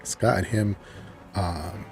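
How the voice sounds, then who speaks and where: A man's voice: on the low side, takes it slowly, gravelly, darkish tone, soft background music. A man giving a casual, chuckling recap of a TV episode as he loosely paraphrases its dialogue. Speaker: TV show reviewer.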